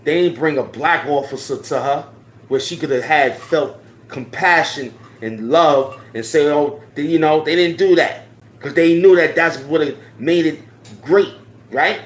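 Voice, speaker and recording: A man with a slightly high voice and a slightly slow delivery gives fiery, slang-heavy social commentary as an online commentator, repeating himself for emphasis to his viewers. The room echoes, and there's slight background noise.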